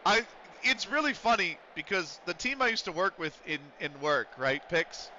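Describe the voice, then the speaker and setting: A chatty man talks through a game stream in a bright, forceful voice pitched a bit high. He rambles from story to story and swears casually. The audio is a little dull and lo-fi. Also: very animated, moderate pace, slight background noise. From United States.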